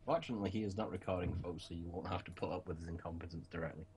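A man with a very deep voice trades dry, teasing remarks while gaming with friends. Steady background noise and mouse clicks sit under his voice on a home recording. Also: rapid-fire. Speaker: co-player in a let's play. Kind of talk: casual chat over gameplay.

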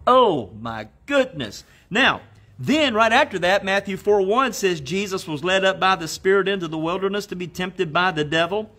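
A man preaching a sermon, quoting scripture in slow, emphatic phrases and leading listeners in spoken declarations. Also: sits high, animated, bright, forceful tone. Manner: exhorting, leads the congregation in spoken declarations.

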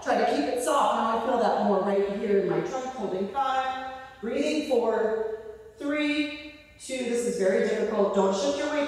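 A woman's voice: a little high, a little mellow. A young woman physical therapist leading a home floor exercise class, counting reps and cueing breaths while a bit out of breath. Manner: encouraging, counts reps aloud, cues breathing. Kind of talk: guided exercise class instruction. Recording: echoey hall, voice far from mic.

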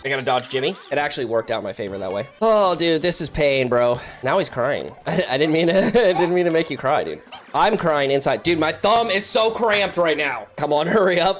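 A young man giving casual, excitable commentary while playing a multiplayer game with friends, yelping and laughing at his mistakes. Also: a little fast, faint music behind. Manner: excitable, yelps high when frustrated, laughs often. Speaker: gaming YouTuber.

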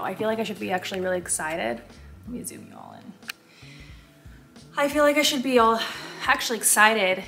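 A woman's voice: mid-range voice, expressive, a little fast, vocal fry, pauses often, bright, forceful tone. Young american woman rambling to her camera at home, chatty and self-deprecating, room echo, faint music under it. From United States. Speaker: lifestyle vlogger. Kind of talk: casual vlog chat. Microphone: camera on a tripod.

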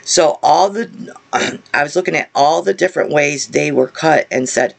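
In a slightly high, gravelly voice, a male vlogger gives casual spoken testimony about a religious vision. He is earnest, and his speech halts as he repeats words and restarts phrases.

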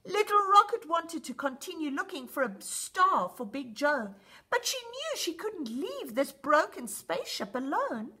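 Slow, sing-song woman storyteller. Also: high voice, very animated, bright, forceful tone. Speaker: children's show storyteller. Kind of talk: storybook reading for young children.

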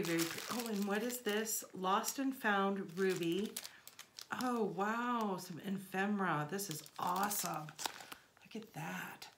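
A woman's voice: mid-range voice, fairly bright tone, slight background noise. A woman hosting a casual crafting vlog, unboxing gifts and repeating her thanks, still recovering from the flu. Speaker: crafting channel host.

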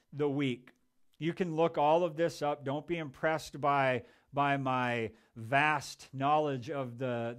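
A male pastor preaches from a church sanctuary in a relaxed, conversational way. His voice sits a little high, and he often restarts and repeats words as he tells a story. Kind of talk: sermon.

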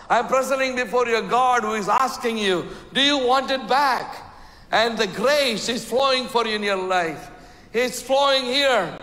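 A man's voice: high voice, bright, forceful tone. A man from India, preaching as a guest speaker and giving an altar call, often asking the crowd "Amen?". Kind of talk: sermon with altar call and prayer. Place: church sanctuary. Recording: echoey reverberant hall.

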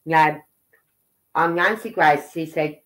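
A woman's voice: sits low, slow, a bit bright, low-quality recording. A middle-aged woman from Birmingham with a Brummie accent, chatting rambly on a livestream and tagging her points with "right?". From Birmingham, England. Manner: chatty, rambling, keeps tagging "right?" and "you know what I mean". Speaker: livestream host. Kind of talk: casual livestream commentary.

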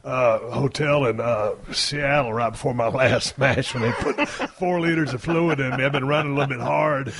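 A man's voice: mid-range voice, normal speed, hardly any pauses, background noise. A man hosting a radio show in casual chat, explaining things bluntly and with conviction, swearing freely. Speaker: radio host.

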